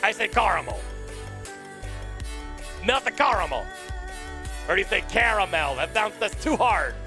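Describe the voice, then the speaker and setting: A man voicing an excitable male puppet who hosts a live morning talk show, playful and giggly, chatting casually. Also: high voice, moderate pace, music in the background. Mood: silly. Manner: playful, giggly, wordplay-loving. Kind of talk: casual live-stream chat.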